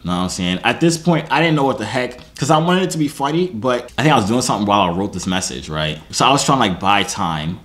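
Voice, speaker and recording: A young man with a lowish voice that swings all over as he talks, telling a comic story to camera. He mocks himself and uses plenty of slang. He keeps breaking the story down for his viewers. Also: animated, fast, hardly any pauses, a bit bright. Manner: joking, self-mocking, slangy, breaks things down for viewers. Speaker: YouTuber.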